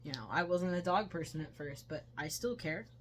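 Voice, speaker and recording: A woman's voice: on the low side, animated, normal speed, slight background noise. A woman co-hosting a casual movie review chat from her couch at home, chatty and laughing often. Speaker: co-host of a movie review show. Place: living room couch at home.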